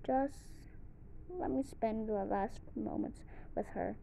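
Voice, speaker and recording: A woman reading all the parts of a homemade drama, switching roughly between character voices. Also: a little high, slow, mellow, poor audio.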